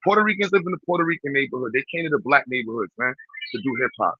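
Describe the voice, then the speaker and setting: A man with a New York accent hosting a blunt, profane, animated rant in quick bursts. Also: medium pitch, slightly rough, dry recording. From Brooklyn, New York. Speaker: host. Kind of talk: casual ranting commentary. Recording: dull, muffled dry sound.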